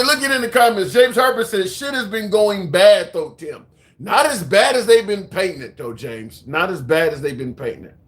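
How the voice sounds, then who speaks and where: Male stream host, higher-pitched, calm, reads viewer comments.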